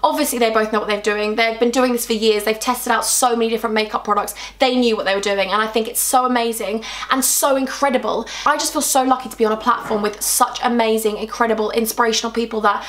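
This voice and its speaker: Young woman beauty vlogger, bubbly and effusive, slightly high voice, casual chatty delivery. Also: fast talker, hardly any pauses. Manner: gushing, excitable, self-deprecating. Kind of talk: casual chat.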